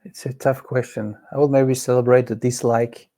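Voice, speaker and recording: A man with a French accent answers questions in a relaxed interview. His voice is mellow, and he hesitates and circles back as he talks. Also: medium pitch, normal speed. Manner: hesitant, many fillers and restarts. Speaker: guest.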